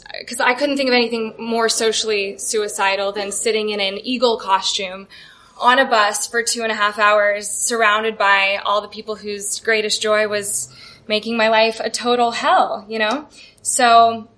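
A woman's voice: mid-range voice, fairly even intonation, measured pace, sharp tone. A young woman telling a self-deprecating personal story on stage, chatty and full of "like".

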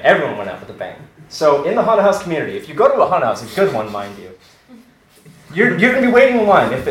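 A man's voice: mid-range voice, a bit bright, roomy sound, a little hiss or hum, rough recording. A young man animatedly telling a personal story on a live storytelling stage.

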